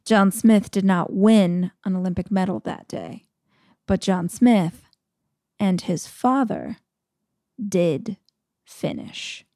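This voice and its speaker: A woman doing a hushed, solemn male ad narrator. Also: mid-range voice, very animated, no echo, studio quality. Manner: slow, hushed, reverent narration.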